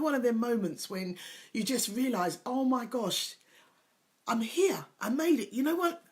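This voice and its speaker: A middle-aged woman hosting a motivational talk, earnest and emotional, pressing her points by repeating them. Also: mid-range voice. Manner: earnest, emphatic, repeats key phrases; openly emotional, personal. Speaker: host, confidence coach.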